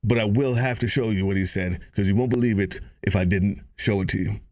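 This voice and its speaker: A man giving a political commentary monologue, measured and scornful with deliberate emphasis. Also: on the low side, no echo.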